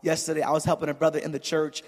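A man preaching a sermon, telling stories in a chatty way that builds to shouted peaks and calls on the crowd for an amen. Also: a little high, completely flat delivery, rapid-fire, in a large hall. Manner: storytelling, builds from chatty asides to shouted climaxes; calls for audience response.

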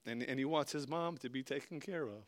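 A man's voice: medium pitch, a little fast. A male preacher giving a sermon, reading scripture aloud and then explaining it in an earnest, conversational way.

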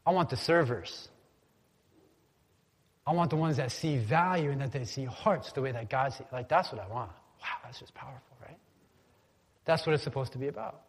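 A man's voice: mid-range voice, animated, normal speed, pauses often. A man preaching a conversational sermon in a church, calling on the congregation to repeat words after him. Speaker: pastor. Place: church sanctuary. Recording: long hall reverb.

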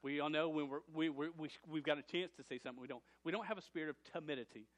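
Guy preaching, pretty high voice, lively, stumbles and repeats words a lot. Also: racing. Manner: animated, with stammered restarts and repeated words. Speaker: pastor. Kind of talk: sermon.

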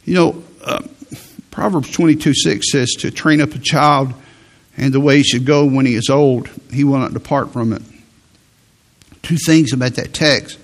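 A male preacher, delivering a sermon in a slow, emphatic way and quoting scripture. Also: medium pitch.

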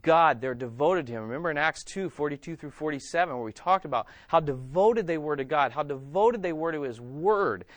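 A man with a fairly high voice preaches as pastor in a church, brisk and animated with hardly any pauses. He keeps asking the congregation questions, and there's no echo on the recording.

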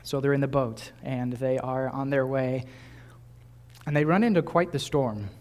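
A man's voice: mid-range voice, normal speed, a little mellow. A young man in his twenties preaching a sermon in a conversational way, with small laughs and restarts. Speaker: pastor.

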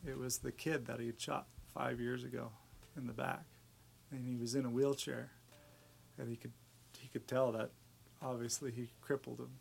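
A man retelling someone's story in a conversational, halting way, dropping his voice at the intense moments. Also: mid-range voice, little pitch movement, vocal fry, a little hiss or hum. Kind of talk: storytelling talk.

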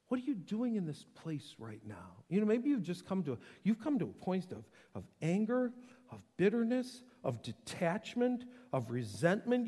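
A man preaching a sermon, impassioned, moving between hushed tones and loud emphasis. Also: a little high, sing-song, measured pace, breathy edge. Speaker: pastor. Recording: echoing hall with long reverb.

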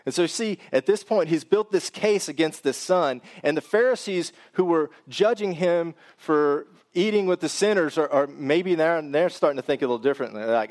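A man's voice: a little high, animated, normal speed, a little mellow. A man preaching a sermon, reading scripture and then explaining it in a conversational way that speaks directly to the congregation.

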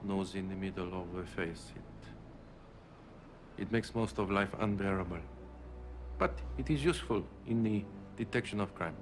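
An actor playing a fastidious, precise middle-aged detective who speaks in measured, deliberate phrases with hesitant pauses. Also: male voice, low voice. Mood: grave. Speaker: film detective character. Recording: film clip with background noise.

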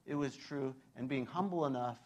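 A man's voice: medium pitch, normal speed, darkish tone, dull audio. A man preaching a sermon in a casual, conversational way, full of fillers, acting out scenes and laughing often. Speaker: pastor.

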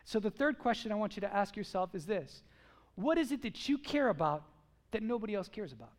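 A man's voice: sits high, very animated, fairly quick. A man preaching a sermon with emphasis. He asks the congregation questions and acts out quotes.

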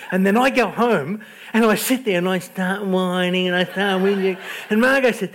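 A middle-aged pastor with a high-pitched voice preaches at normal speed, telling self-deprecating stories. He stammers and restarts, swinging between loud outbursts and quiet asides.

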